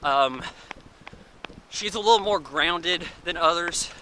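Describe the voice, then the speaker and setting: A man's voice: fairly high pitch, slow pace, pushed and bright, slight background noise, poor audio. A man giving a casual, rambling spoken film review in an offhand way. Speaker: movie reviewer.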